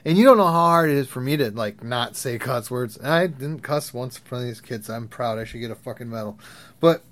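A man's voice: mid-range voice, animated, a little fast, a bit bright. A young man telling crude, rambling stories in a casual, profane way, laughing at his own tales. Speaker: vlogger. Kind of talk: profane storytelling rant.

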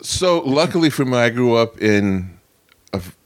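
A man's voice: medium pitch, very animated, normal speed. An older man from Northern California, a Marine veteran guest telling stories in a laid-back, swearing way. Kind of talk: casual storytelling.

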